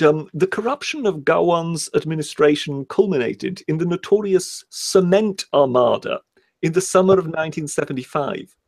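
A British man co-hosting a casual livestream chat, talking hesitantly with many pauses and slowing down to read passages aloud. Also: fairly high pitch, no echo. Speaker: co-host.

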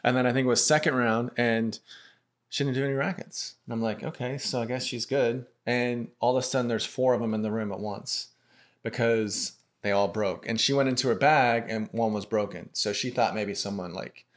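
A man with an American accent telling stories from his work as a racket stringer, relaxed and full of fillers. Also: medium pitch, normal speed. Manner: relaxed, anecdotal, many fillers and restarts. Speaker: tennis racket stringer, guest. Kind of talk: casual podcast storytelling.

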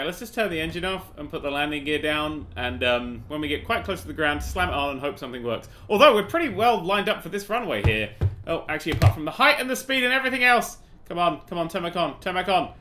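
Excitable man doing game commentary. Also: on the high side, fast, a little hiss or hum. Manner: excitable, sarcastic, swears freely. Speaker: gaming video host. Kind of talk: comedic gameplay commentary.

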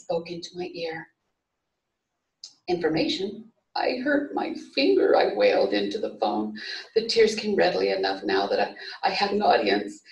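A woman reading a story aloud at a memorial service, in a steady storytelling manner with small restarts. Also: medium pitch. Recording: echoey room, voice from far off.

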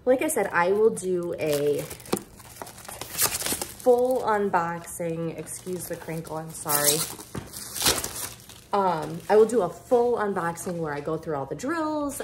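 A woman vlogging as she unboxes craft kits, gushing with bubbly excitement and lots of fillers. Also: lowish voice, measured pace, background noise. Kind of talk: casual unboxing chat.

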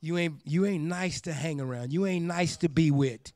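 A pastor preaching a sermon, repeating phrases for emphasis and building up to shouts. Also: male voice, on the high side, normal speed, no echo, studio quality.

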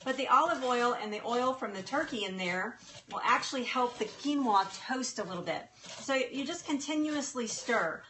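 Her fairly high voice has lively intonation and moves at normal speed as she hosts a live cooking stream from her home kitchen. Bubbly and chatty, she talks to the food and warmly thanks her viewers, with faint sizzling and stirring over a noisy background.

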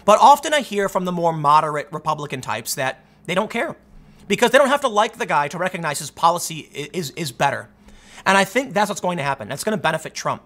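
A man giving solo political commentary, reading news quotes aloud and reacting, getting animated and repeating words when fired up. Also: on the high side.

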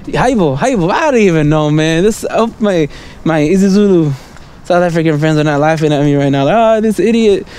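Rambling high-voiced man on a night walk. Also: brisk, darkish tone, smooth. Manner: meandering and casual, constantly asking "right?" and "you know?"; chuckles between thoughts. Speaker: vlogger. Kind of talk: rambling stream-of-thought monologue. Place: outdoors on a city street at night.

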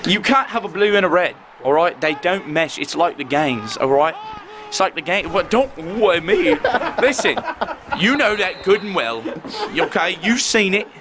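A young man bantering on a student sports show, putting on a cocky mock British football fan. His voice sits fairly high, and a steady noise hums behind him. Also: normal speed. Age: young adult. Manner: jokey, bantering, often laughing. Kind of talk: comic sports chat with put-on British voice.

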